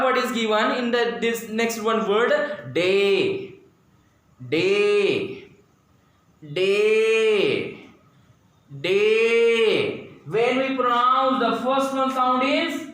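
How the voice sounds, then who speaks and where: A male school teacher with an Indian English accent gives a slow, repetitive grammar lesson, drilling pronunciation aloud in a very echoey, roomy classroom. His voice is very high and sharp in tone.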